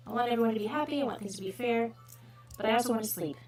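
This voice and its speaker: Over background music, a woman with a fairly high voice talks in rapid-fire bursts while hosting a livestream where she draws requests. She rambles casually and mocks herself, sometimes trailing off into whispers.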